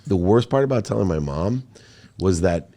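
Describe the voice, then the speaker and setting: Deep-voiced man telling his story. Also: normal speed. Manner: emotional, animated storytelling with emphatic lists. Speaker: podcast guest. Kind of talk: interview storytelling.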